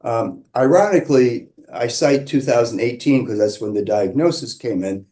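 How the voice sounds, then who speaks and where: A man calmly telling a personal story, measured and reflective, with pauses and restarts. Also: medium pitch. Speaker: qigong practitioner sharing his story.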